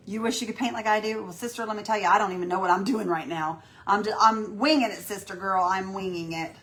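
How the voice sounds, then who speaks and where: A woman's voice: medium pitch, fast talker, hardly any pauses, a bit bright. A woman hosting a live painting demo, chatting in a folksy, encouraging way with her viewers. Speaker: craft tutorial host.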